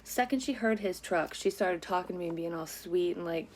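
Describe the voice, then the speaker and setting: Woman, lower voice, candid storytelling vlogger, faint background hiss. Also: brisk. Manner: candid, frequent swearing, animated retelling. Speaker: psychic vlogger telling a personal story. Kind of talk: casual storytelling.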